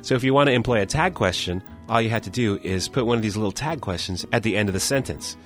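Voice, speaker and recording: A low-pitched man teaching on a podcast, explaining question formation step by step and ribbing his co-host. Soft music plays faintly under his voice. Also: fast. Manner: explanatory, playful teasing. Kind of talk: scripted language lesson banter.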